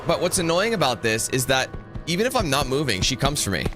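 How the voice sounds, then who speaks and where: A man's voice: medium pitch, big pitch swings, fast talker, over music. A man rambling and joking through casual commentary on a horror game he is playing. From North America. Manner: joking, rambling, sings snatches and does mock voices. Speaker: gaming channel host.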